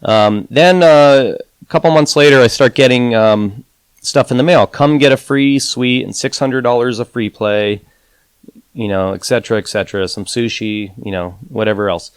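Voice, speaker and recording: Speaking at normal speed with a medium-pitched, clean tone and no room sound, a man guests on a podcast. The advantage gambler tells his story casually, full of "you know" and fillers, and acts out the quotes with a raised voice.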